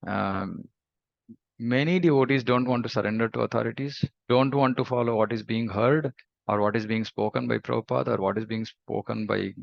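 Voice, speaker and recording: Gravelly-voiced man giving an emphatic lecture. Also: mid-range voice, no room sound. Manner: emphatic, repeats for stress. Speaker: spiritual teacher. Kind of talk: scripture lecture. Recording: dull lo-fi recording.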